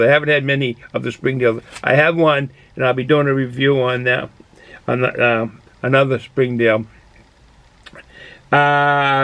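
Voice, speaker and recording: A man's voice: mid-range voice, a bit bright, poor audio. A man with a Boston accent casually reviewing a beer, rambling with many fillers and restarts.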